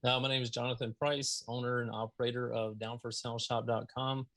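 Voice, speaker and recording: Southern guy from mississippi, bright voice, animated storytelling on a video call. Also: mid-range voice, a little fast. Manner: animated, laughs while telling stories. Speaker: podcast guest. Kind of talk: casual storytelling.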